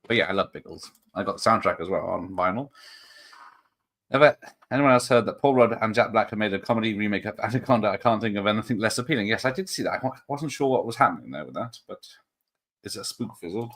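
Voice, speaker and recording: A man hosts a casual live stream and reads out viewer comments. He rambles and restarts, filling the gaps with ums and small chuckles. His voice sits a little low. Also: animated, fast talker, a bit bright. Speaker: host of a live show.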